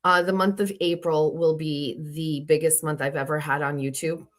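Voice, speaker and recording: Casting note: woman, low voice, unscripted rambling livestream host, chatty and unpolished. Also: steady tone, moderate pace. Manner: rambling, loose, with many fillers and restarts. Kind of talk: casual livestream chat. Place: at home.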